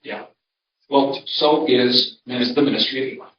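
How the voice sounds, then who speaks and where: Older pastor telling folksy stories. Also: male voice, mid-range voice, fairly even intonation, normal speed. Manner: conversational, storytelling, frequent restarts. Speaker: pastor giving a seminar. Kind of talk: folksy seminar talk. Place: church hall. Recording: roomy, distant, dull sound.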